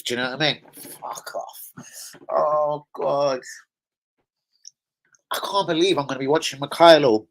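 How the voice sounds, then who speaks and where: A man, ranting angrily and profanely on a live football fan stream, swinging between loud outbursts and low mutters.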